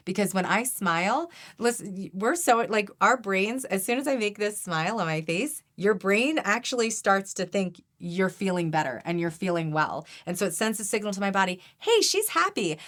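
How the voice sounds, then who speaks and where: A woman's voice: on the low side, a bit bright. A woman guest on an interview, talking about energy healing in an earnest, emphatic, persuading way. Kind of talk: conversational interview.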